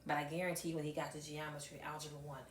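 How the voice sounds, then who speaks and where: A middle-aged woman, a high school math teacher, telling stories to an audience with emphatic repetition and acted-out dialogue. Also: flat delivery, very fast, a little hiss or hum. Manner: emphatic, acts out dialogue, repeats phrases for effect. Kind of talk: storytelling talk to an audience. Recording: echoey room, mic at a distance.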